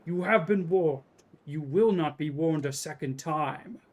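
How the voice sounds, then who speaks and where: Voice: mid-range voice, a little slow, darkish tone, lightly acted. A streamer reading out a stern male border guard from a fantasy game, curt and commanding. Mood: threatening. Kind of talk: reading game dialogue aloud.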